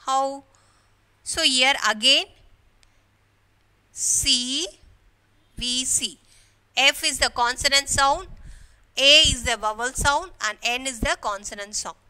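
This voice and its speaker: A woman teacher with an Indian English accent giving a grammar lesson to schoolchildren, explaining slowly and repeating "okay" and questions to the class. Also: high-pitched, pushed and bright, clear, resonant tone. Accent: Indian English, from Kerala. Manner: slow, repetitive explaining with frequent "okay" and rhetorical questions.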